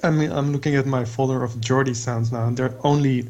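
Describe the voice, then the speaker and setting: A man co-hosting a podcast, speaking in a dry, low-key way with short replies. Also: steady tone, brisk, darkish tone, a little hiss or hum. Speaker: podcast co-host. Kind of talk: casual podcast chat.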